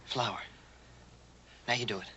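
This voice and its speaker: An actor playing a patient man who coaxingly teaches a deaf girl sign language, repeating single words slowly, in 1960s TV western acting. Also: medium pitch, steady tone, bright, forceful tone, close to an everyday voice. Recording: noisy old TV soundtrack.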